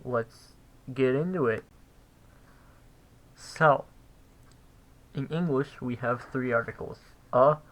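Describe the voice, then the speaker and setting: A man giving a casual recorded language lesson, thinking aloud with pauses and restarts. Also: mid-range voice, a bit bright, rough recording. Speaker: language teacher.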